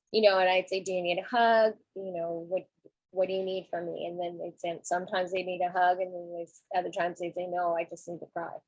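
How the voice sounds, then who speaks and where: A middle-aged woman with a husky, slightly low voice speaks gently and reflectively in a podcast conversation. The recording is dry and close, with no room sound around her. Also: no room sound, poor audio. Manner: gentle, reflective, soft-spoken. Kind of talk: candid conversation about grief.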